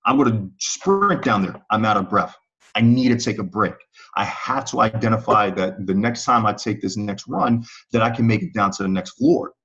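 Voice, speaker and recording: A man's voice: lowish voice, normal speed, a bit bright. A man teaching price-action trading in a live online webinar, talking conversationally and often checking in with his viewers. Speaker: trading instructor. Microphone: online call audio. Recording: slightly muffled call audio.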